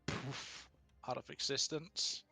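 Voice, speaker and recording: A man's voice: medium pitch, steady tone, slow pace, creaky, sharp tone, slightly rough. A man running a tabletop game as game master, narrating the action in a dry, matter-of-fact way.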